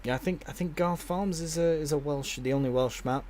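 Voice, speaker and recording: A man's voice: on the high side, brisk, darkish tone, slight background noise. A man live-streaming a game, chatting casually with his viewers and answering their comments aloud, often restarting his sentences.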